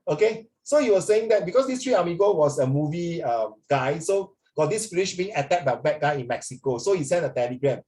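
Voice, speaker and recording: A man's voice: a little high, lively intonation, a little fast, few pauses, darkish tone, rough recording. A man with a Singaporean accent teaching a class in a chatty, casual way, switching between English and Mandarin and checking that students agree with him.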